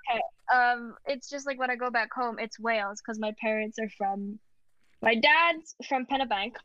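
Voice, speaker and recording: A young Canadian woman chatting casually, her voice pitched a little high and full of fillers and laughter. The recording is dull and lo-fi, with a dry, close sound. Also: normal speed, pushed and bright, dry recording. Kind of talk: casual chat.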